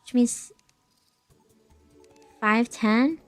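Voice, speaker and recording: Playing a game on stream, a woman VTuber bantering with her audience jokes around, curses, and replies to chat messages. Her fairly high voice draws out words, and the dry recording carries faint game music in the background.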